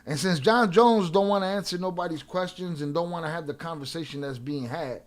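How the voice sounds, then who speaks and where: A man with a slightly high voice hosts a livestream. He argues with the chat in a profane, confrontational way and calls out viewers by name. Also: fairly quick. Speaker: livestream reaction host.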